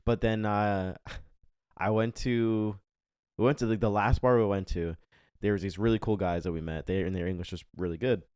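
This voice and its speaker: Young male co-host, slightly low voice, relaxed storyteller, dry close-miked sound. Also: normal speed, dry recording. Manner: storytelling, often clears throat. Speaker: podcast co-host. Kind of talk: casual chat.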